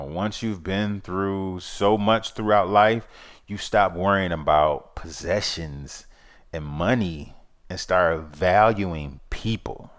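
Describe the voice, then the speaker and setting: Low-voiced man rambling earnestly. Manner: rambling, repeats "you know what I mean"; earnest, preachy. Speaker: vlog host. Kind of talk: casual monologue.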